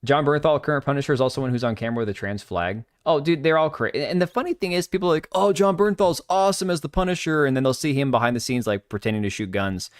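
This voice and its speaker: A man's voice: medium pitch, animated, quick pace, few pauses, no echo, clean studio sound. A man hosting a live stream, talking in a blunt, mocking, ranting way as he reacts to the news. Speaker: livestream host. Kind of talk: casual live stream commentary.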